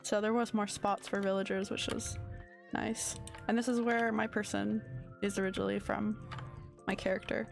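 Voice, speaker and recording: A woman's voice: mid-range voice, level tone, normal speed, gravelly, faint music behind. A woman streamer giving casual gameplay commentary in a sleepy, rambling way, often searching for her words. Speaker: game streamer.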